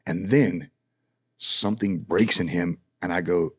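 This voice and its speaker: Deep-voiced man telling a story. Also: a little slow, breathy edge, dry recording. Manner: animated storyteller, acts out dialogue, frequent restarts. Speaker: worship leader guest. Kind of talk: casual storytelling conversation.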